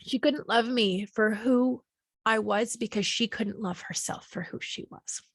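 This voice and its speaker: A woman podcast host with a fairly high voice speaks softly and openly about her healing, close to tears. Her phrases are gentle and soothing, and some stretch out slowly. The sound is dry and close, with no room around it. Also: no room sound. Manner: gentle, emotional, soothing, with slow drawn-out phrases. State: emotional, near tears. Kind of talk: reflective personal talk on healing.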